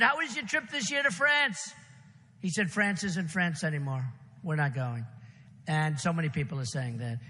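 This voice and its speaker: A man speaks at a political rally, his voice high and very bright, with a forceful edge. He rambles and repeats himself, throwing punchy asides at the crowd. The sound carries a long arena reverb over faint background ambience. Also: slightly rough. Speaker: political candidate. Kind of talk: campaign rally speech. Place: large rally venue.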